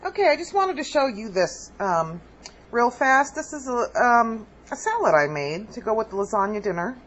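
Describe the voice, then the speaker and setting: A woman's voice: a little high, very animated, normal speed, a bit bright. A woman chatting casually through a home cooking demonstration, homey and full of ums. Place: home kitchen. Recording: dull lo-fi home video with faint background hum.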